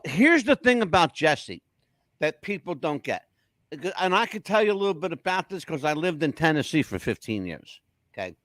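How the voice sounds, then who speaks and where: A man hosting a podcast, talking in a blunt, profane, animated way. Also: high voice, no echo. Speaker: podcast host. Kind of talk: casual chat.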